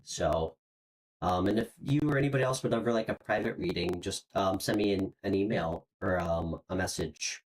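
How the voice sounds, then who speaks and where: Speaking in a low voice at normal speed, a tarot reader on a live stream gives a casual, encouraging reading, with plenty of "um," "like," and repeated words while looking for the next thing to say. The audio is poor, with a little hiss or hum.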